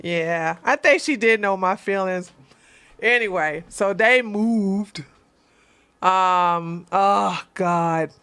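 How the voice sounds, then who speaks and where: A woman's voice: medium pitch, drawn-out words, fairly bright tone, smooth, dry recording. A woman hosting a livestream, chatting casually in a rambling way, laughing often and answering viewer comments. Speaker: livestream host.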